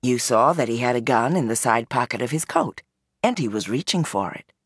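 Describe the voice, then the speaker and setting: A woman voicing a calm, commanding young woman who leads a group, speaking in an easy tone with a smile in it. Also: very deep voice, moderate pace, no room sound, clean studio sound, voice pushed down.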